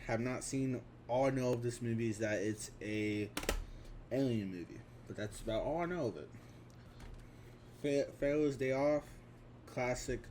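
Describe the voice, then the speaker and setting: A man's voice: medium pitch, noisy background. A man in his twenties talking casually and offhandedly through his film collection, with frequent restarts and fillers. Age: 20s. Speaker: vlogger.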